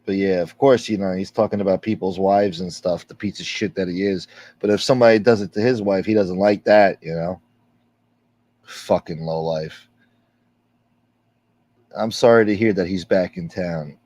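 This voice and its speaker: A man's voice: low voice, steady tone, moderate pace, darkish tone, no echo. A man hosting a casual livestream, reading viewer comments aloud in a rambling, sarcastic, heavily profane way. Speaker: livestream host.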